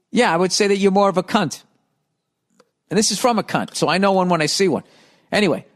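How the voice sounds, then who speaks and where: A middle-aged man hosting a podcast, ranting sarcastically and profanely about cyclists while reading listener letters. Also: sits high. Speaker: podcast host.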